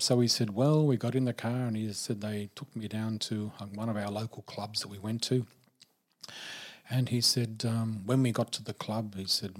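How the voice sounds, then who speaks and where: Older male storyteller, husky, animated, plays all the quoted voices. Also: lowish voice. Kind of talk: personal storytelling.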